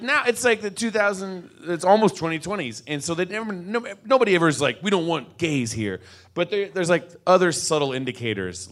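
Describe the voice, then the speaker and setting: Man, comedian, stand-up rant, rambling, trips over his own words, mid-pitched everyday voice. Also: a bit bright. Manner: rambling, self-interrupting riff with frequent restarts.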